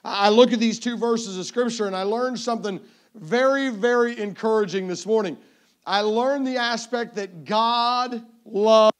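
A man in his fifties preaching a sermon as a visiting evangelist, telling playful, self-mocking stories and often repeating his first word. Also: extremely high pitch. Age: 50s. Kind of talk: sermon with humorous family stories.

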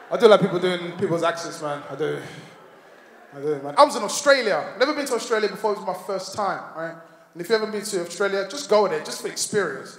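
A man's voice: high voice, fairly bright tone. A man performing a stand-up comedy set, telling a story with acted-out voices. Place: large hall on stage. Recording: reverberant hall, faint noise.

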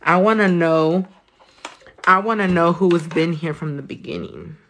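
On the low side and unhurried, a young Californian woman livestreams a nail tutorial. She does nails, reads viewer comments aloud, and chats casually with plenty of swearing.

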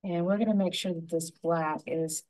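A woman giving a gentle, unhurried painting tutorial, talking through each brushstroke as she works. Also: on the low side, steady tone, low-quality recording. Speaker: painting instructor.

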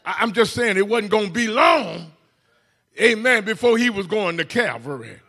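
A man preaching a Mother's Day sermon in church, shouting in bursts, stammering on repeated words and calling out to the congregation. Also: high voice, very animated, normal speed, breathy edge. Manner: calls "hello, somebody" to the congregation. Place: church sanctuary.

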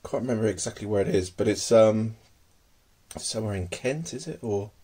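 Fairly low in pitch and slightly rough, this man's dark-toned voice moves at a moderate pace. He keeps tarantulas and is casually showing them off at home for a hobby video, full of ums, hesitant, and murmuring fondly to his pets.

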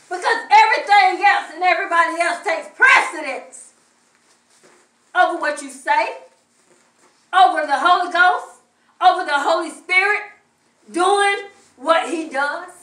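A woman's voice: very high voice, unhurried, long pauses, pushed and bright. A middle-aged woman preaching a sermon with a fervent, repetitive cadence, heard in a church. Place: church sanctuary. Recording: echoey room from far off.

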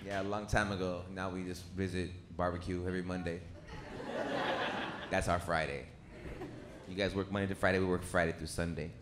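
A man doing a crude, animated stand-up comedy set on a club stage, slipping into put-on voices as he tells stories. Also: low voice, normal speed, long pauses. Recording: echoey club with noisy crowd. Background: audience laughter.

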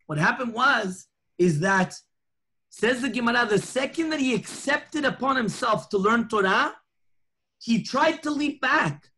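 Animated, husky-voiced rabbi teaching. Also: male voice, extremely high pitch. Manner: animated storytelling, acting out dialogue. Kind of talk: lunchtime Torah class.

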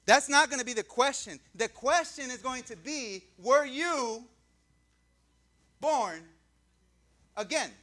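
A man's voice: very high voice, animated, slow pace, long pauses, sharp tone. A male pastor preaching a conversational sermon, often asking the congregation questions and drawing out key words for emphasis.

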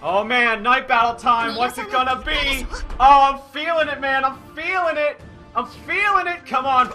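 A man streaming a video game, commentating live and cheering and shouting at the screen. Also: very high-pitched, moderate pace, soft background music. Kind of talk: excited live gameplay commentary.

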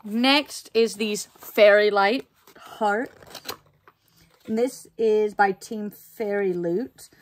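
Slow-talking excitable young woman. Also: mid-range voice, a little hiss or hum. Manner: chatty, excitable, lots of fillers. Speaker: book vlogger. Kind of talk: casual unboxing chat.

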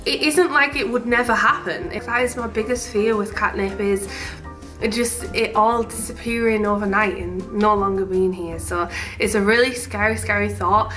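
A woman's voice: medium pitch, fairly even intonation, moderate pace, sharp tone, soft background music. A young woman with a Teesside accent from northeast England, chatting casually about her shop while tasting sweets. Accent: Teesside English. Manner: bubbly, chatty, gushing. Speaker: shop owner and vlogger.

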